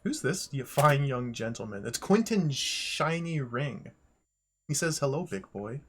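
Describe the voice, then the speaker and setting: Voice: mid-range voice, lively intonation, a little slow, fairly bright tone, slight background noise. A streamer giving casual let's-play commentary, reading the on-screen game text aloud with wry asides and frequent chuckles. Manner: chuckles often.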